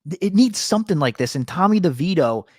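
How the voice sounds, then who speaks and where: A man co-hosting a casual sports podcast, ranting about football. His voice is somewhat high and swings widely in pitch, and he fills his talk with 'like' and 'um'. The sound is dry and close. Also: quick pace, no room sound. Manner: animated, ranting, lots of fillers. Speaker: podcast co-host.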